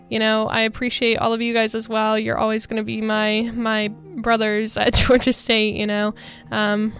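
Earnest young woman DJ with vocal fry. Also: fairly high pitch. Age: young adult. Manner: rambling, filler-heavy, earnest. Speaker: college radio DJ. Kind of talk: casual on-air thank-yous. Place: college radio studio.

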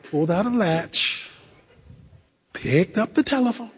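A man preaching a sermon, telling a story with animated delivery that swings into shouts and a sing-song cadence. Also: high voice, unhurried, long reverb tail.

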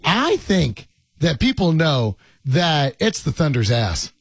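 A man's voice: a little high, sing-song, slow, husky, no echo. A man hosting a sports radio show, teasing his guest with sarcastic, grumbling banter in a studio.

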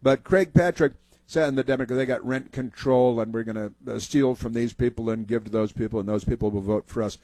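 A man's voice: mid-range voice, a little fast, dark tone, no room sound. A man hosting a political talk radio show, mocking and rambling with lots of fillers.

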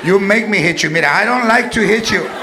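A man's voice: sits high, quick pace, background noise, close to an everyday voice. A man on a comedy stage playing a strict grandmother who scolds a young boy, mixing Spanish slang into her English. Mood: threatening. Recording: live club, loud audience laughter.

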